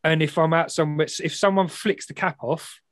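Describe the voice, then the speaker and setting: Brief: male podcast guest, slightly high, fast, dry close sound, direct. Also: steady tone, fairly bright tone, dry recording. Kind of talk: casual chat.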